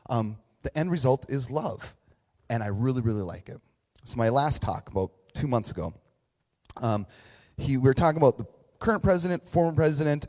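A man giving a relaxed, conversational sermon as pastor, joking at his own expense and acting out little scenes. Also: mid-range voice. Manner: conversational, self-mocking, animated impressions. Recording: long hall reverb.

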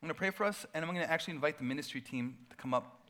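A man preaching a sermon as pastor, in a casual, animated way with playful asides. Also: fairly high pitch, racing.

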